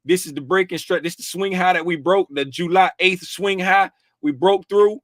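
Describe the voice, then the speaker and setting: A man's voice: sits high, moderate pace, dry recording, studio quality. A middle-aged man hosting a casual livestream about futures markets. He is chatty and slangy, greets viewers by name and laughs often. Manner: easygoing slangy talk.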